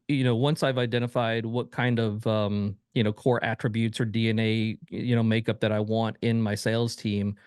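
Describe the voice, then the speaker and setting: A man guesting on a podcast as a sales coach, explaining his lessons with relaxed examples. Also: on the low side, clear, resonant tone, no room sound, clean studio sound. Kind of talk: casual interview chat.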